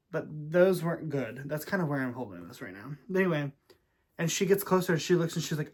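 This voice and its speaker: A man's voice: fairly high pitch, lively intonation, fairly quick. A man vlogging in a casual storytelling style, chatty and sassy with dramatic asides. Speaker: vlogger and real estate agent.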